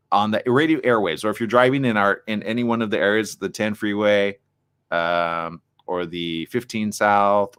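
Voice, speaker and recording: Male morning host, animated and excitable, riffs hard, reads out chat comments. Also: fairly low pitch. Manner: reads viewer comments aloud. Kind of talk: live streamed talk show chat.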